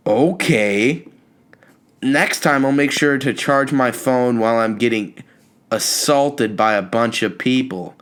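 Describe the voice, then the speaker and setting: A young man hosting a podcast, telling a comic story in an animated, exasperated rant with sudden high-pitched outbursts. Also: normal speed. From California. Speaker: podcast host. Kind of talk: comedic storytelling monologue.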